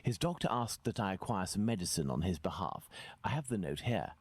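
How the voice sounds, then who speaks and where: Casting: formal Victorian detective, husky, lowish and dry. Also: male voice, very animated, no echo, heavily acted. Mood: reserved. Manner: formal, measured. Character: composed, reserved male Victorian detective.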